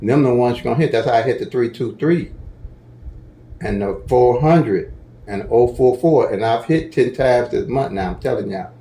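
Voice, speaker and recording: Folksy aave-speaking guy walking you through lottery picks, mellow low tone, kinda echoey room, keeps saying okay?. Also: moderate pace. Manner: folksy, chatty, repeats "okay?" to check in. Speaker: lottery strategy teacher. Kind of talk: casual tutorial walkthrough.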